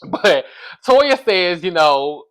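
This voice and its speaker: Sassy bright-voiced man reviewing reality TV. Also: high voice, slow pace. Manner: sassy, animated, calls listeners baby and y'all. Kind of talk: casual chat.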